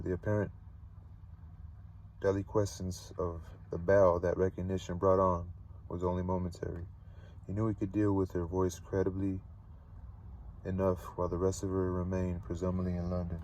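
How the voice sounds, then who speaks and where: A man reading a novel aloud, steady but stumbling and repeating words now and then. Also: low-pitched, moderate pace, pauses often, far from the mic, a little hiss or hum, rough recording. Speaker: read-aloud narrator.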